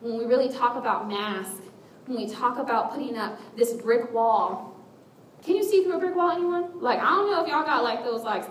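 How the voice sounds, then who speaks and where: A woman giving a candid, self-mocking personal testimony to a church group, acting out her inner voices as she speaks. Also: moderate pace. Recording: roomy echo with a faint rumble, voice picked up from a distance.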